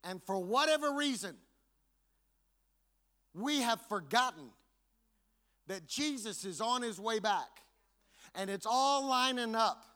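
A man's voice: very high voice, lively intonation, slow pace, pauses often, sharp tone. A man preaching a sermon to his congregation, building fervor through repetition. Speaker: pastor.

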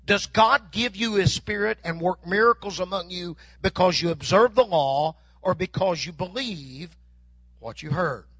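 High, bright-voiced older preacher. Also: male voice, unhurried, dry recording. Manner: folksy storytelling with mock dialogue. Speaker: pastor. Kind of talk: sermon.

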